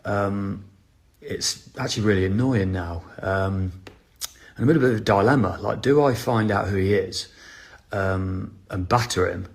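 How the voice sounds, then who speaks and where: A man's voice: fairly low pitch, moderate pace, vocal fry. A middle-aged man leaving a voice message question, hesitant with lots of "um" fillers and a dry sense of humor. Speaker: listener sending a question. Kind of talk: recorded voice message.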